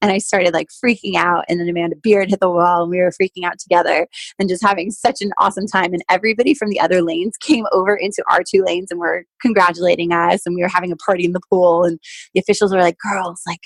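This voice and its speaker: A woman in her forties, a former Olympic swimmer appearing as a podcast guest, tells stories in a casual interview. Her lowish voice is fast, with vocal fry and no echo, and she's animated, laughing often as she acts out what people said.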